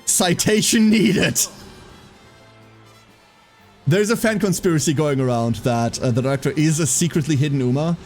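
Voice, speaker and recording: A man with a German accent, German native speaker, chatting casually on a gaming stream and cheering on races like an excited commentator. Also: a little high, quick pace, hardly any pauses, soft background music. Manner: chatty, excitable, jokey, slips into hyped race commentary.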